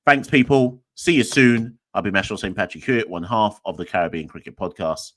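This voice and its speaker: A man's voice: on the low side, a little fast. A young man, hosting a podcast and chatting in a rambling, jokey, self-mocking way. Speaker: podcast host. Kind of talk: casual solo sign-off chat.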